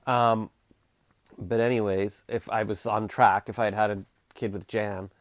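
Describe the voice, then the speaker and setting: A Canadian man in his forties rambles loosely on a livestream, answering chat with plenty of restarts and sardonic asides. He speaks at a measured pace in a fairly low voice with little pitch movement, recorded dry and at studio quality.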